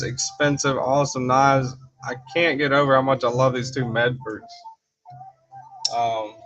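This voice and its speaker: A man's voice: mid-range voice, fairly bright tone. A man hosting a casual livestream, rambling with lots of fillers, laughing often and reading out viewer comments. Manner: rambling, with many fillers like "you know" and "uh"; laughs often between remarks. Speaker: livestream host. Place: garage. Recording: slightly dull livestream audio with faint background music.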